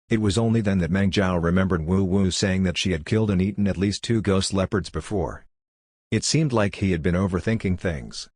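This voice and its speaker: A man narrating an audiobook in a steady, even reading voice. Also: deep voice, a little fast, dry recording, clean studio sound. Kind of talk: scripted narration.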